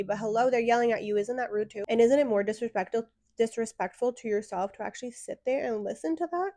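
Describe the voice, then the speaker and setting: A woman's voice: fairly high pitch, quick pace, warm tone, no echo, studio quality. A young woman answering viewer questions about self-worth in a blunt, frank advice talk with sassy asides. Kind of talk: direct-to-camera advice talk.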